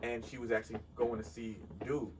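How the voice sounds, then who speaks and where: A man casually telling a story on a podcast, animated and profane, laughing often. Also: medium pitch, a little fast. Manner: animated, laughing, swears freely. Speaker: podcast co-host. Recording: distant mic with clear background noise.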